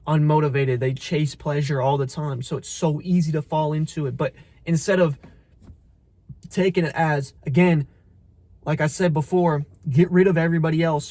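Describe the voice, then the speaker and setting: A young man delivers a preachy motivational rant straight at the listener. His voice sits high and sounds dry, with no room around it. He swears bluntly and keeps calling the listener "bro" and "brother.". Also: darkish tone, dry recording. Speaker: motivational content creator.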